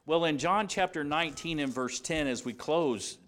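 A man's voice: a little high, normal speed, fairly bright tone. Emphatic man preaching a sermon. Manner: emphatic, repeats key phrases, dramatic quoted dialogue. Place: church service.

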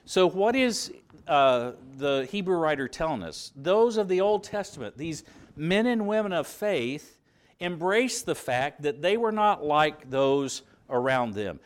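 Male preacher, southern Indiana roots, animated pitch, conversational sermon delivery. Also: a little slow. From southern Indiana, USA. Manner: earnest, conversational preaching with fillers and restarts.

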